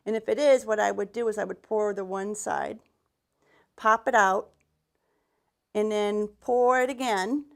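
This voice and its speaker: A woman's voice: mid-range voice, fairly even intonation, a little slow, gravelly, long pauses. A woman giving a live craft demonstration as a paint retailer, talking in a chatty, rambling way with restarts and muttered asides, a bit out of breath.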